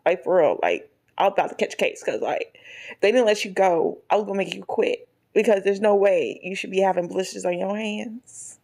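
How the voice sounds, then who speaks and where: A young woman tells a storytime tale in a chatty, animated way. Her voice sits at a middling pitch with a gravelly, creaky edge. She acts out each person in the story as she goes. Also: brisk. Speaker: vlogger. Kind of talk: storytime chat.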